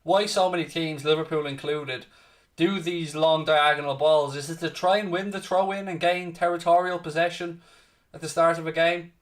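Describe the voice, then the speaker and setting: A man's voice: a little high, fairly even intonation, moderate pace. Chatty Irish man hosting a watchalong. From Ireland. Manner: chatty, answers viewer questions, says "mate" often. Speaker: watchalong host. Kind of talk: casual live-stream chat.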